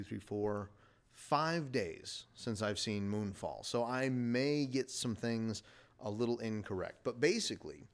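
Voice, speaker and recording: A middle-aged man hosting a casual podcast, rambling enthusiastically and jumping between topics as he reviews a movie. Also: mid-range voice. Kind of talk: casual chat.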